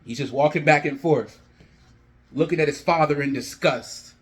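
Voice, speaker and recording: A man in casual rambling chat, voice a bit higher than most guys, just spinning a story for his viewers. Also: moderate pace. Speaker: wrestling fan vlogger. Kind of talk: rambling fan booking commentary.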